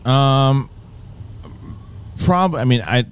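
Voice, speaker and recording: A man's voice: mid-range voice, extremely slow, smooth. A man hosting a casual live panel show, telling stories with lots of swearing and laughter. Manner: animated storytelling, swears, laughs often. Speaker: podcast host.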